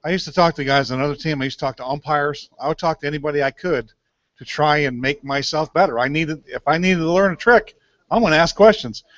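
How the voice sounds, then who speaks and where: A man hosting a casual chat, a former pitcher who jokes and drops quick quips. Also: a bit bright, no room sound. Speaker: host, former major-league pitcher. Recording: dull, dry, lo-fi sound.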